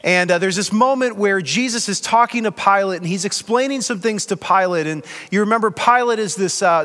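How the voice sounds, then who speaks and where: Pastor guy giving a chatty sermon, kinda high voice, big reverby hall. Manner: conversational, gently humorous preaching.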